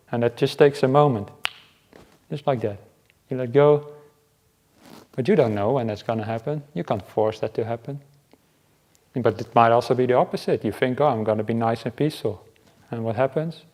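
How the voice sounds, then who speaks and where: A man, a Buddhist monk, giving a relaxed, conversational dharma talk at a meditation retreat, chuckling often and pausing as he talks. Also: mid-range voice. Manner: unhurried, with halting pauses.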